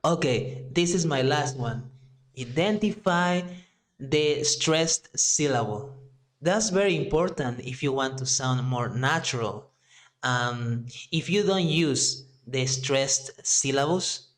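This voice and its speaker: Slow, deliberate Mexican-accented male teacher. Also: medium pitch, a bit bright. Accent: Mexican Spanish. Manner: slow and deliberate, drawing out example words. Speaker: Spanish teacher. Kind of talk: language lesson.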